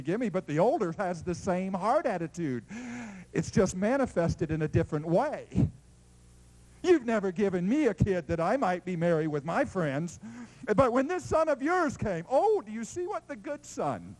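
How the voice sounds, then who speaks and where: A man preaching a sermon in a lively, playful storytelling way, swinging between loud exclamations and hushed asides. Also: high voice, low-quality recording.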